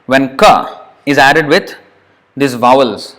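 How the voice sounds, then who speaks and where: A man's voice: mid-range voice, measured pace, long pauses, a bit bright. A man teaching Sanskrit pronunciation in a recorded lesson, demonstrating each syllable aloud and repeating it patiently.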